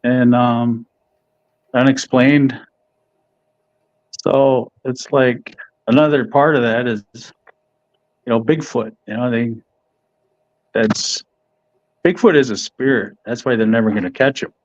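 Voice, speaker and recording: Laid-back halting middle-aged man. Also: medium pitch, dry recording. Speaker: professional boxer, podcast guest. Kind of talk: casual interview answers. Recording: dull, dry audio.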